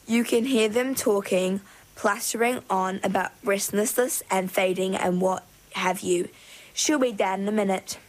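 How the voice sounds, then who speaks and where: A woman voicing a plump, practical merwoman in a storybook reading, talking in a brisk, offhand way. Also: mid-range voice, close to an everyday voice, poor audio.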